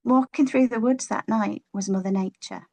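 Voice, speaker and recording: A woman storyteller telling a children's story to an audience, expressive and playful, stretching out words. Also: medium pitch, normal speed, gravelly.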